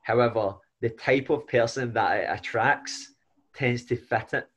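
A man's voice: mid-range voice, unhurried, a bit bright, slightly rough. A man hosting a casual podcast as a fellow coach, chatty and agreeable, building on his guest's points. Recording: dull lo-fi audio.

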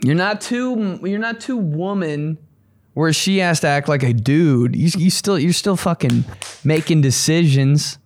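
A young man hosting a podcast, riffing in a casual comedic monologue with crude jokes and sudden shrill put-on voices. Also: a little slow, no echo. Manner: animated, crude, puts on shrill voices for bits. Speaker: podcast host.

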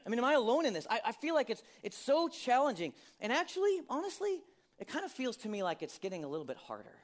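Male pastor, sermon, high voice, conversational, rhetorical questions. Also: big pitch swings, quick pace. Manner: conversational, asks many rhetorical questions, laughs often.

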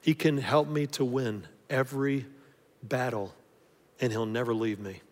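A man preaching a sermon, building up emphasis and then dropping softly into prayer. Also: mid-range voice, unhurried, long reverb tail. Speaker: pastor.

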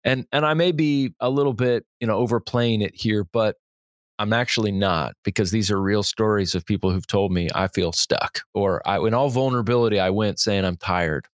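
A man, a pastor hosting a podcast, talking in a casual, animated way and reading quotes aloud. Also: fairly low pitch, a little fast, no room sound, studio quality. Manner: animated storytelling, laughs easily, reads quotes aloud.

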